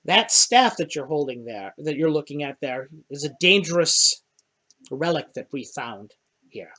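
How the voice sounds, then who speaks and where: A sly, suspicious gnome warden captain, put on by a man. His voice sits a little high, and he keeps his tone hushed and probing. He needles strangers with pointed questions in a tabletop fantasy game. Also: expressive, a little slow, full character voice. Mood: warning.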